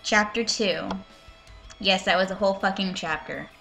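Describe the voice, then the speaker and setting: A woman's voice: mid-range voice, normal speed, vocal fry, sharp tone, soft background music. A woman reading a fanfiction aloud and breaking off into sarcastic, profane commentary. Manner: sarcastic, profane, exasperated asides. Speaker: reader and commentator.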